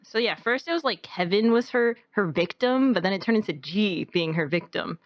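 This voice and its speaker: A young woman with a medium-pitched voice co-hosts a podcast, speaking at normal speed. She rambles casually through a story, peppering it with "like." The audio is dull and has no echo.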